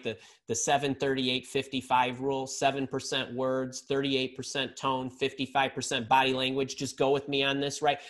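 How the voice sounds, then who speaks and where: A man giving a live leadership lesson to an audience as a career coach, energetic, with frequent repeated words and constant checks of "right?", swinging his pitch and loudness for emphasis.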